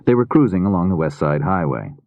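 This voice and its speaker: A man reading a mystery novel aloud in a measured, steady narration. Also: deep voice, no room sound. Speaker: audiobook narrator. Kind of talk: scripted narration.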